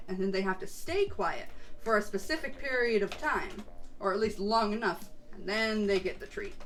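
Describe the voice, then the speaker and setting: A woman's voice: medium pitch, a bit bright, slight background noise. Chatty woman streamer, rambling. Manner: rambling and chatty, laughs often. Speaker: VTuber streamer. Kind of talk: casual chat while gaming.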